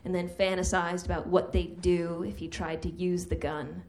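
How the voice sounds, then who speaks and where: A woman's voice: on the low side, little pitch movement, moderate pace, darkish tone. A woman hosting a live comedy night, reading her own humorous essay with a wry delivery that builds to mock outrage.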